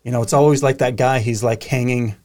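A man's voice: medium pitch, fairly even intonation, fairly quick, a little mellow. A man hosting a podcast, talking in a casual, earnest and reflective way. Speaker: podcast host. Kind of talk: casual conversation.

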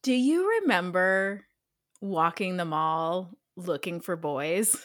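Casting note: animated woman co-host from Ohio, quick to laugh. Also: lowish voice, no echo, clean studio sound. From Dayton, Ohio. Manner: giggly, joking banter. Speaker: podcast co-host. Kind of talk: casual chat.

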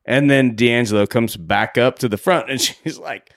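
In this casual movie recap chat, a male podcast co-host with a mid-range voice and some vocal fry talks at a normal speed. Animatedly retelling a scene, he performs the characters' dialogue and keeps breaking into laughter.

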